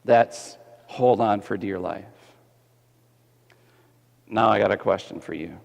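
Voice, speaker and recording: A man preaching a sermon as pastor, animated and putting questions to the congregation, kids included. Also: lowish voice, slow, creaky. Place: church sanctuary. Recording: echoey church hall.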